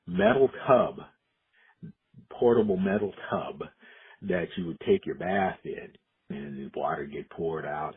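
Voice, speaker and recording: A man's voice: extremely low pitch, slightly rough. A man from Decatur, Illinois, an educator, telling his life story in a reflective oral history interview with frequent restarts. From Decatur, Illinois, USA. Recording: muffled phone-like audio.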